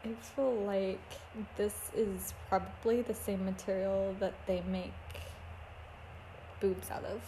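A woman's voice: mid-range voice, fairly even intonation, takes it slowly, warm tone, a little hiss or hum. A woman co-hosting a podcast in casual chat, playful and self-mocking, laughing often. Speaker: podcast co-host.

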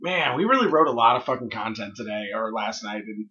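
A man's voice: fairly low pitch, expressive, a little fast, bright, forceful tone. A man co-hosting a podcast, crude and joking as he riffs on drug commercials in casual chat. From Missouri. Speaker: podcast co-host. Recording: dull lo-fi podcast audio.

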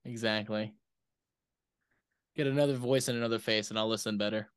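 A man's voice: on the low side, steady tone, a little fast, clear, resonant tone, no room sound. Young guy co-host, cusses a lot, teasing, laughs, dry close mic. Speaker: co-host, son. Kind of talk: casual chat.

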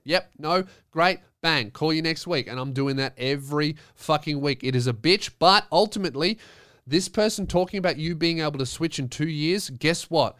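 A man's voice: a little high, a bit bright, clear, resonant tone, dry recording, studio quality. A man hosting a comedy podcast, giving listeners blunt, profane, emphatic advice. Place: podcast studio.

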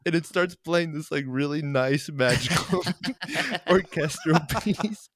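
A man's voice: on the high side, lively intonation, slow pace, a bit bright, no room sound. Young guy rambling through an old tour story, lots of likes and ums, dry close sound. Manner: rambling, lots of fillers, laughs while telling stories. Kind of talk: casual storytelling chat.

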